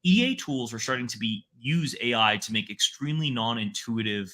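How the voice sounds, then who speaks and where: A man's voice: medium pitch, lively intonation, fairly quick, pushed and bright. A man speaking as a guest analyst in a casual interview, talking in rambling runs full of restarts and fillers.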